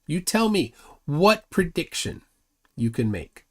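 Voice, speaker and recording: This man hosts a live stream in a fairly high voice, speaking slowly with big pitch swings. He argues combatively, mocking his opponent and reading the chat's comments aloud.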